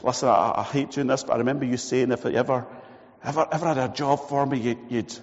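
A man's voice: medium pitch, fairly even intonation, close to an everyday voice. A desperate, stammering jobless man, put on by a preacher, asks his friends for help. His speech halts and trips over itself. A long hall reverb and a dull recording surround the voice. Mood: pleading. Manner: halting and stammering.

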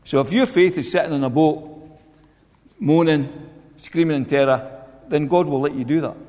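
A man delivers a sermon in an earnest, insistent way, circling back to repeat his main points. His voice sits a little higher than most men's. A long reverb trails behind him, as if in a large hall. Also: normal speed, darkish tone. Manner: earnest, repeats key phrases for emphasis. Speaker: preacher.

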